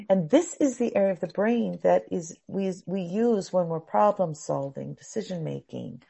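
A middle-aged woman teaching a class on calming anxiety, explaining step by step and acting out anxious thoughts. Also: on the low side, unhurried, vocal fry, husky.

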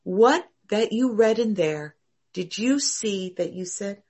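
A woman teaching a meditation class in an emphatic, animated way, repeating her points. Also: mid-range voice, slow pace, husky. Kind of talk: casual class talk.

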